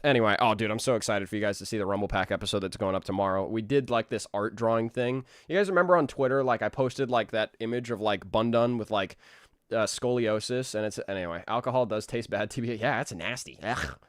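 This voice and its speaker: A man in his twenties, an animator, chats casually with viewers on a live stream in a lowish voice, with clean studio sound and no room sound. He rambles, restarts his sentences and laughs easily.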